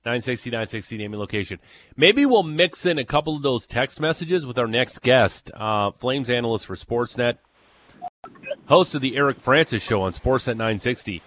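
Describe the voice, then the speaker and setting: A man hosting a sports radio show in a studio, brisk and joking with his guests. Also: medium pitch, animated, fairly bright tone, no echo. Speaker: radio host.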